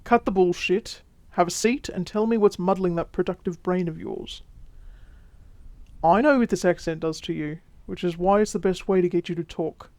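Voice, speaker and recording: A mid-range, everyday-sounding voice at normal speed, with no echo, plays a charming, flirtatious male vampire in an audio role-play drama. The character's Mexican Spanish accent is put on, and he teases warmly before turning soothing, dropping to whispers.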